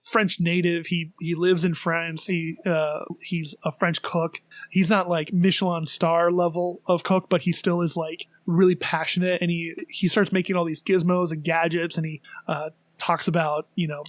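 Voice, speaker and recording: A man co-hosting a casual podcast chat, rambling in an animated way with lots of fillers and restarts. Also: on the high side, no echo. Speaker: podcast co-host.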